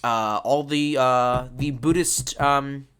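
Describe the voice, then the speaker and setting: Tipsy home streamer who rambles and swears freely; bright, forward tone. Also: mid-range voice, fairly even intonation, slow pace, clear, resonant tone. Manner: rambling, profane and loose. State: tipsy from drinking. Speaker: livestream host reading chat. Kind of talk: casual rambling live chat. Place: at home at a desk.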